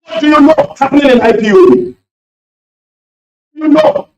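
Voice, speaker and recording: A man calling in to a radio show, speaking emotionally in rapid-fire accusations and shouting at times. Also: very high-pitched, expressive, highs cut off. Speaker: caller. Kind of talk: impassioned radio call-in speech. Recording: echoey and distant line.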